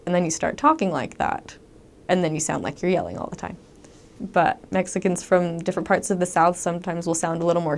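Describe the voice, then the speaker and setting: A young woman recounts her missionary experiences in a relaxed, conversational way. Her voice sits a little low, and she peppers her talk with ums and lively quoted asides. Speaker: returned missionary. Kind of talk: casual storytelling monologue.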